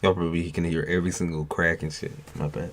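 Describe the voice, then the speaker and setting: A man's voice: sits low, little pitch movement, fast talker, a little hiss or hum. A man hosting a late-night tarot live stream, chatting loosely with viewers by name, swearing freely and joking, sounding tired.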